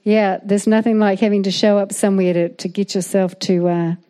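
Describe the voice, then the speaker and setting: A woman's voice: medium pitch, fairly quick, smooth. A woman preaching a sermon, often calling out "amen?" to the congregation. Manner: animated, calls out "amen?" to the congregation. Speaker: guest preacher.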